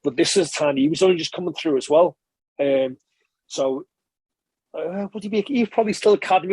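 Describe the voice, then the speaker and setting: Fast-talking husky man. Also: fairly high pitch, a little mellow, dry recording. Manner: chatty, swears freely, frequent restarts and fillers. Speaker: former professional rugby player, interview guest. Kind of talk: casual conversational storytelling.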